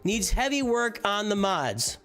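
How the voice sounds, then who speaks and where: A man's voice: sits high, sing-song, unhurried, a bit bright, soft background music. A man casually reviewing a viewer's game roster on a live stream, rambling and easily distracted. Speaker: gaming streamer.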